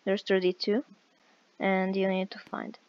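A woman's voice: mid-range voice, flat delivery, a little slow, a little mellow, dull audio, a little hiss or hum. A woman giving casual, hesitant gameplay commentary with many fillers while walking through a game. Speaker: game walkthrough creator.

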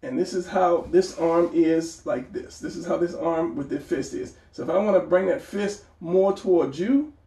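A man's voice: fairly high pitch, normal speed, gravelly, hardly any pauses, mellow. A man giving a casual drawing lesson, rambling and talking to himself as he sketches. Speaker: drawing instructor. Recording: echoey room, voice from a distance.

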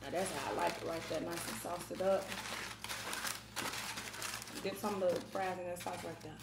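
A woman's voice: lowish voice, fairly even intonation, moderate pace, gravelly. Woman doing a mukbang, bossy teasing and cussing, echoey room with noise behind. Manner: bossy, teasing, scolds bluntly with cursing. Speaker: mukbang channel host. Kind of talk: casual chat while eating on camera. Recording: roomy echo, noticeable background noise.

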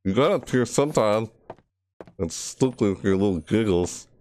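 A man's voice: on the low side, lively intonation, moderate pace, a little mellow, slight background noise. A man commentating a horror game playthrough, frustrated and jumpy, scolding the game's characters and shrieking at scares. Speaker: gamer.

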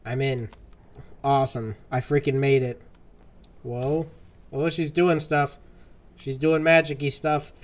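A man's voice: mid-range voice, steady tone, slow pace, long pauses. A young man casually commenting on a role-play game, joking and talking back to the characters. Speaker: gaming video host.

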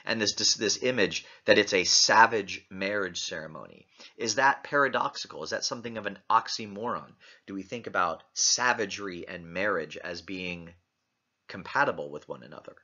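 A male literature lecturer works through a text, stopping often to pose questions to his listeners. His voice is fairly low and very bright, almost sharp. The recording sounds muffled and lo-fi. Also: moderate pace. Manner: asks many questions, reads passages aloud. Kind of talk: close-reading lecture.

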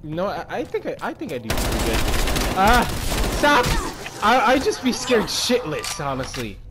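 A man's voice: fairly high pitch, wildly swooping pitch, a little fast, very noisy. A young man playing a scary zombie game, chatting nervously and breaking into shrieks and screams when startled. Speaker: gaming streamer. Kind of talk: frightened gameplay commentary. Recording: loud game sounds behind.

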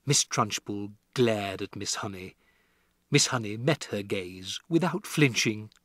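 Slow, lively-voiced male audiobook narrator. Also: lowish voice, no room sound, clean studio sound. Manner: expressive storytelling. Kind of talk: scripted narration.

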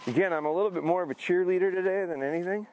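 A middle-aged man training a hunting dog outdoors, explaining his approach in a relaxed way between short commands. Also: racing, slight background noise. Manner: high excited praise to the dog. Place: outdoors in a field.

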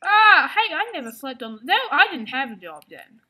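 A young woman voicing an excitable young musketeer lady, high and bouncy, swinging from shrieks to whispers in an improvised game role-play. Her voice is bright and keen, with a lively, leaping pitch. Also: moderate pace, full character voice. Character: Milady de Winter, excitable young female musketeer. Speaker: player voicing a musketeer in an online animal game.

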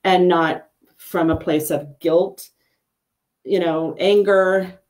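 A middle-aged woman, a psychic medium, chatting casually and telling a story in an animated, lively way. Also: slow. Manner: chatty storyteller, animated with pitch jumps on quoted lines. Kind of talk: casual chat.

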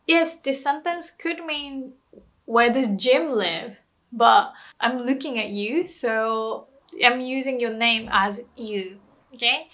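A woman's voice: on the high side, slow pace, fairly bright tone. A young woman teaching a language lesson in a casual, playful way, laughing often and acting out example phrases.

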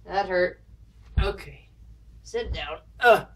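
In a casual home vlog, someone doing dares sent in by viewers rambles to the camera and counts down anxiously ahead of each one. Their medium-pitched voice moves at a slow pace.

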